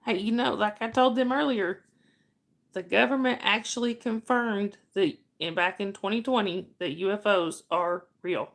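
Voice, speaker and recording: A woman's voice: medium pitch, moderate pace, creaky, fairly bright tone. A woman hosting a livestream, chatting casually with viewers and laughing often. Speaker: livestream host.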